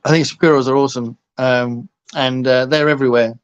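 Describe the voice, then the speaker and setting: A man's voice: medium pitch, fairly even intonation, a little fast, smooth. A man hosting a livestream, chatting casually and playfully with viewers, laughing often and rambling between topics. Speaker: livestream host. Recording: muffled lo-fi livestream audio.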